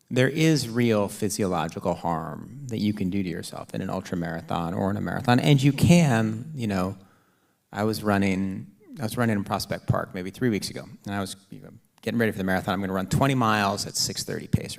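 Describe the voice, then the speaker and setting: A middle-aged man, an author and runner, telling animated stories in an onstage conversation, often adding "like" and "right?". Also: on the low side, vocal fry. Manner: animated storytelling with frequent "like" and "right?". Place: auditorium stage.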